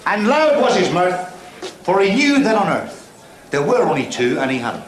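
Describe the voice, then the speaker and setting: A man's voice: high-pitched, big pitch swings, moderate pace. An actor playing a cocky, crude male stand-up comic with a Belfast accent, delivering bawdy patter to a club audience in a television drama. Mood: cheeky. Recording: echoey room with loud background noise.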